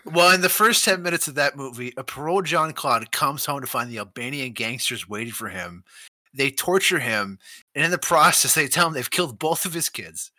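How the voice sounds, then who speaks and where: A man co-hosting a casual movie podcast, animated and laughing as he acts out scenes. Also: mid-range voice, no echo. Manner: animated, laughing, acting out scenes in quick voices. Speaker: podcast co-host. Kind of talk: casual movie-discussion chat.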